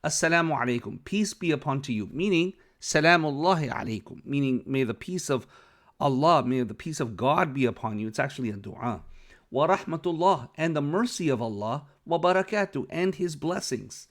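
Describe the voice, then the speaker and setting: With a fairly high, expressive voice at normal speed, a non-native Arabic speaker walks through Arabic vocabulary. He's patient as he explains the lesson and often asks "okay?" to make sure it's understood.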